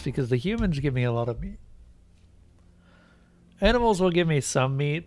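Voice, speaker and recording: A man's voice: on the high side, big pitch swings, moderate pace, pauses often, a little mellow. A man streaming a role-playing game, chatting casually with his viewers as he plays. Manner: chatty, talks to chat while playing. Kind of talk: casual gameplay commentary.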